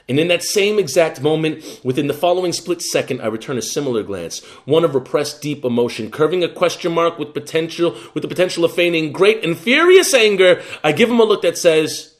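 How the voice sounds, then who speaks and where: A young adult man, a guest poet, performing a rhythmic, expressive spoken-word piece and chatting casually. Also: on the high side, brisk, few pauses. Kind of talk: performed poetry reading and casual chat.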